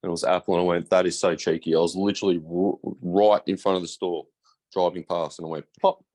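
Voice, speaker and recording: A man's voice: sits low, flat delivery, quick pace, warm tone. A man chatting casually in a trading meeting, telling an easygoing story. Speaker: meeting participant. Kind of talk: casual chat.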